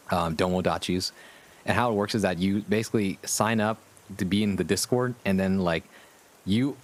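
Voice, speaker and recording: A man with a somewhat low voice hosts a casual VTuber livestream. Amused and rambling, he chats with his viewers and swears freely.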